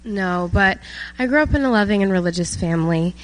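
A woman's voice: medium pitch, expressive, fairly quick, poor audio. Earnest nineteen-year-old woman giving testimony. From South Georgia, USA. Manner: earnest, emotional, many fillers. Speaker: testimony speaker at a church service. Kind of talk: personal testimony. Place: church.

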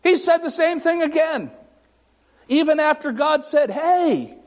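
Pastor, male, high and unhurried; wry, self-mocking sermon delivery with pauses, long church reverb. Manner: slow and deliberate, with dramatic pauses; wry, self-deprecating humor. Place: church sanctuary. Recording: echoey sanctuary reverb.

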